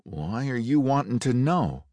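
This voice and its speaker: A man's voice: medium pitch, very animated, measured pace, a little mellow, no room sound, pitched above the performer's own voice. A man voicing a Union stagecoach driver who keeps protesting indignantly.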